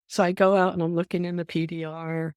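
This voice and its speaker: An older woman, a nurse, telling stories in an interview. She is an animated storyteller who acts out the voices she quotes and often says "um". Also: lowish voice, fairly quick, smooth, no echo, studio quality. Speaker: nurse guest.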